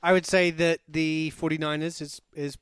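A man's voice: on the high side, flat delivery, normal speed, a bit bright. A man chatting as a panelist on a sports talk show, upbeat and playful. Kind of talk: casual sports chat.

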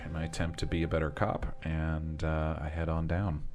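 A man's voice: a bass voice, monotone, normal speed, a little mellow. A man playing a tabletop role-playing game, speaking as his character in a casual, wry way. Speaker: player.

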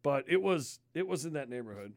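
A man's voice: medium pitch, brisk, no room sound, clean studio sound. A man telling a disgusted, swear-filled story in casual podcast chat. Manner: animated, swears constantly, disgusted ranting. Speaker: podcast host.

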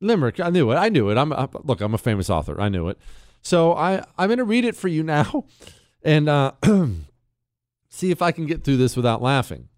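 A man's voice: on the high side, very animated, fairly quick, darkish tone, no echo, clean studio sound. A man hosting a radio talk show, brash and sarcastic, reading ads and listener mail and laughing along. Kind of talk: talk radio monologue with ad reads. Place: radio studio. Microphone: studio mic.

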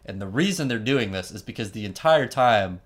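A man hosting a podcast, telling a story in an animated, wry, casual way and laughing often. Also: fairly low pitch, normal speed. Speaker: podcast host.

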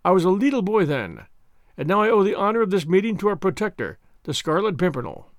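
A man voicing a young, earnest French nobleman with a French accent and a slow, deferential manner. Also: high-pitched, very animated, dry recording, studio quality.

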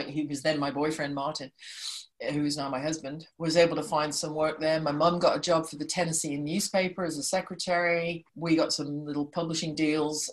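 A woman in her sixties from Liverpool, chatting as an interview guest and telling lively anecdotes that act out the voices of people in them. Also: low voice. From Liverpool, England. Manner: chatty and animated, acts out quoted voices. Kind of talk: casual storytelling in conversation.

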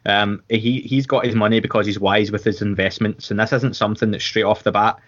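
A man's voice: on the low side, fairly even intonation, fairly quick, fairly bright tone, lo-fi sound. A Scottish man co-hosting a podcast, chatting casually and rambling with restarts and fillers. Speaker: podcast co-host. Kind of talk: casual watchalong chat.

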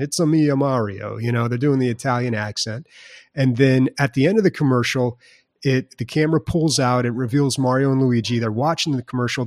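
A man co-hosts a podcast in loose, casual chat, rambling along with fillers and false starts. His voice sits at an ordinary pitch. The recording is close and dry. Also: dry recording. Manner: rambling, lots of fillers and restarts. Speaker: podcast co-host.

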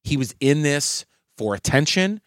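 A man's voice: a little high, animated, measured pace, dry recording. Comedian guy telling a story on a podcast, voice jumps all over, acts out everyone, swears a lot, dry close sound. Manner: acts out quotes of hecklers and himself, swinging up loud for them; swears freely. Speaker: podcast co-host and stand-up comedian. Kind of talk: animated storytelling in casual chat.

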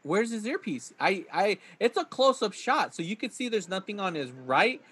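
A man's voice: sits high, big pitch swings, moderate pace, fairly bright tone, husky. A man chatting casually about a movie, talking animatedly and acting out scenes in a raised voice.

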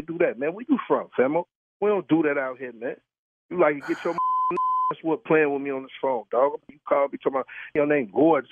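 A man's voice: medium pitch, no room sound. A man on a phone call, talking in a slangy, repetitive and indignant way as the target of a prank call. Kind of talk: heated phone argument. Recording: tinny phone line.

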